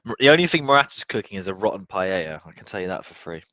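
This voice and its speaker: Young football fan streamer, a bit drunk, sweary and animated, sharp tone. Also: male voice, deep voice, fast talker, dry recording. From United Kingdom. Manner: excitable, sweary, swings from muttering to yelling. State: tipsy. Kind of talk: live match watchalong reaction.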